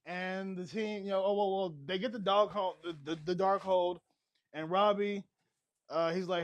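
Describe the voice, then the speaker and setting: A high-pitched man runs through a TV episode recap in a loose, rambling way, working himself up as he goes. He sounds short on sleep. The mic is close and dry, with no room sound. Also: normal speed, dry recording. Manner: rambling, excitable, laughing and shouting as he recaps. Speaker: TV show reviewer. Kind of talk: casual spoiler recap.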